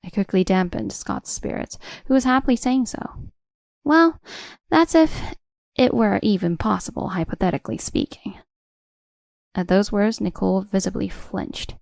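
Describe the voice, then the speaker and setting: A woman narrating a first-person revenge drama story in a steady, cold storytelling voice. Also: mid-range voice, moderate pace, creaky, no echo, clean studio sound.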